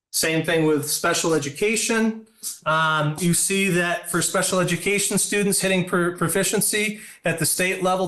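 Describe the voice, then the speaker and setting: Fast-talking man presenting at a board meeting. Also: a little high, a bit bright. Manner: fast, conversational, many ums. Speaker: school superintendent presenting a report. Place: meeting room. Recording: echoey room audio from a distance.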